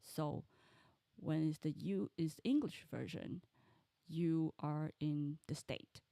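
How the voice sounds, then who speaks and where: A woman's voice: deep voice, takes it slowly, gravelly, mellow, no echo. A woman streamer giving chatty, rambling commentary while playing a game. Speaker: let's play streamer.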